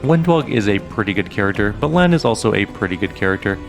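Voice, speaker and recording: A man hosting a let's play of a role-playing game, reading the text aloud and thinking out loud about his choices in a casual way. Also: fairly low pitch, lively intonation, quick pace, vocal fry, soft background music. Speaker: gaming channel host.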